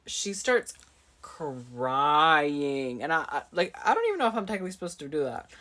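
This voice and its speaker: A woman's voice: low-pitched, very animated, normal speed, fairly bright tone. A young adult woman vlogger telling a dramatic story in casual chat, full of fillers and asides to her viewers. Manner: chatty, dramatic, filler-heavy with constant "like".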